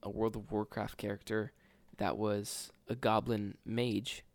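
Gravelly laid-back podcast guy. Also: lowish voice, level tone, a little slow, no echo. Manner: laid-back, slangy, hesitant. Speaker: podcast co-host. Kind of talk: casual chat.

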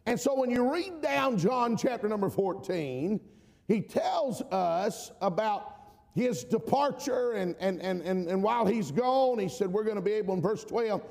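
The sermon comes from a middle-aged man from Georgia, his Southern drawl high-pitched, expressive and gravelly at a measured pace. He preaches emphatically with frequent amens, shifting from shouts to quiet asides, and the sound carries a big-room feel.

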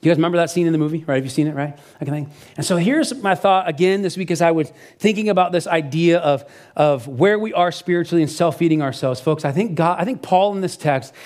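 A middle-aged man preaching a sermon as pastor, telling stories in a lively conversational way with frequent restarts. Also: on the high side, quick pace, hardly any pauses.

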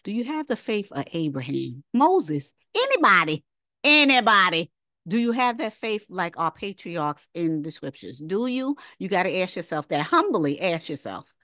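Speaking at a fairly low pitch, a woman leads an informal Bible lesson, conversational and emphatic, turning her points into rhetorical questions and dropping casual asides. The sound is studio quality with no echo.

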